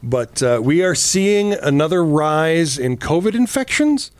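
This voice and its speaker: A man's voice: fairly high pitch, very animated, unhurried, no echo. A man co-hosting a casual political talk show, reading news items aloud and adding sarcastic asides. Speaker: podcast co-host.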